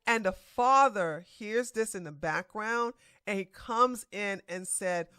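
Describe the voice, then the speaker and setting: A woman's voice: medium pitch, slow, bright, forceful tone, clear, resonant tone, no echo, clean studio sound. A woman hosting her own channel, giving blunt, emphatic and scolding celebrity commentary.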